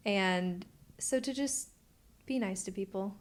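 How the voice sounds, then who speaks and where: A woman co-hosting a podcast in casual chat, reflective, with lively emphasis on key words. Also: medium pitch, slow. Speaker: podcast co-host.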